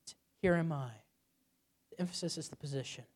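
Delivering a sermon fairly quickly with long pauses, a male preacher recounts a personal story, rising to loud, forceful climaxes and then dropping to a low, quiet tone.

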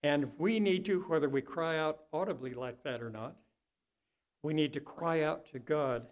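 An older man preaching a sermon, telling folksy stories and swinging from quiet asides to loud, impassioned peaks. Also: a little high, normal speed.

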